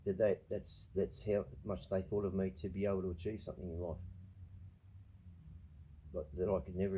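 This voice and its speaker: A man's voice: sits low, level tone, normal speed, long pauses, mellow, slight background noise. A man talking straight to camera in a rambling personal monologue, swearing often and repeating himself as he defends his feelings. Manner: profane, emphatic, repeats himself; restless, defensive, confiding. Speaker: vlogger.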